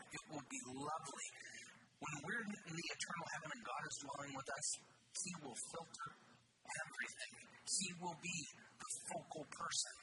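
A man preaching a sermon with earnest, animated delivery that swoops suddenly high on key words. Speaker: pastor. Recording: distant mic with loud background noise.

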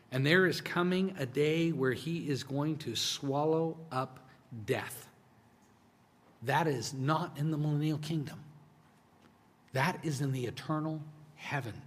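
A man preaching a sermon in a conversational style, swinging between hushed, drawn-out lines and emphatic bursts. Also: on the high side. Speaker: pastor. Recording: long hall reverb.

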